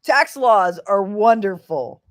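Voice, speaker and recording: A woman hosting a casual livestream, a little tipsy, rambling, laughing often and swinging from hushed to loud and excited. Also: mid-range voice, slow pace. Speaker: livestream host.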